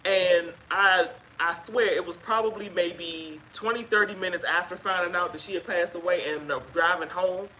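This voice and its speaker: A woman sharing her own experience as a guest on a live chat, telling it in an emphatic, animated way. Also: fairly low pitch, normal speed, hardly any pauses, a little hiss or hum, rough recording. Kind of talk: casual live-stream chat.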